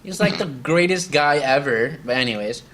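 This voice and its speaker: A man's voice: on the high side, lively intonation, moderate pace, fairly bright tone, slight background noise. Rambling young man telling workplace stories. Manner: rambling storyteller, acts out quoted coworkers, laughs often. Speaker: podcast co-host. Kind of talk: casual chat.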